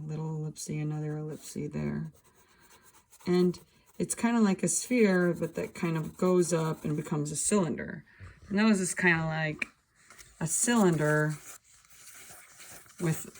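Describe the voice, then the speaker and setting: Woman, art teacher, drawing demo, talks while drawing, low voice, gravelly. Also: a little mellow, a little hiss or hum. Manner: talking while drawing, thinking aloud. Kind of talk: drawing demonstration.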